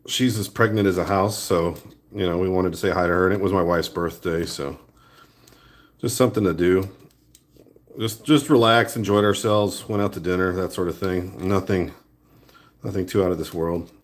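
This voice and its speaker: A man's voice: sits low, normal speed, pauses often. A man making an art vlog, chatting casually and rambling easily as he sculpts a small creature. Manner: relaxed, rambling talk while working with hands. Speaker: art vlogger. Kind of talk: casual chat while sculpting. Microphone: new phone.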